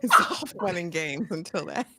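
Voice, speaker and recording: A woman's voice: lowish voice, very animated, moderate pace, vocal fry, sharp tone, a little hiss or hum. A young woman co-hosting a casual watch-along show, goofy, blunt and giggly. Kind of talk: casual group chat reacting to a show.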